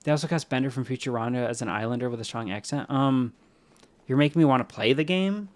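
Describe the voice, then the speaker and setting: A man's voice: medium pitch, fast talker. A man streaming a video game, rambling casually, answering chat, and making jokey asides, with a stuffy nose from allergies. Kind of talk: casual live-stream chat while playing.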